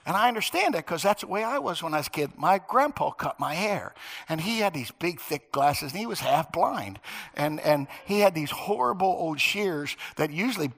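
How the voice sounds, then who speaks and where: A man of middle age or older delivers a storytelling sermon, his pitch rising and falling in lively swings. His voice is bright and sits a little high for a man. He pushes hard on key words, then drops to near-whispers. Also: normal speed, creaky. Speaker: pastor. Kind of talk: sermon with personal stories.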